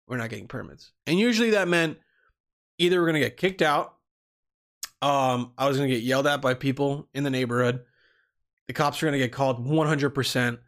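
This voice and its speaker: A man with a mid-range, fairly bright voice tells a long personal story casually, rambling with restarts, swearing freely, and acting out the people he quotes.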